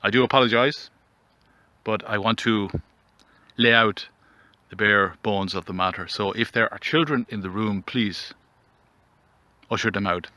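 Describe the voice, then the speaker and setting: A man delivering a mock-dramatic comedic monologue outdoors, mock-solemn and rambling, with theatrical pauses. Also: fairly low pitch, pushed and bright, no echo. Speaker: commentary vlogger.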